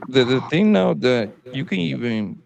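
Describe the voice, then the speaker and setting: A man's voice: medium pitch, expressive, a little slow, gravelly, darkish tone. A man, joining a casual chat in a laid-back, agreeable way.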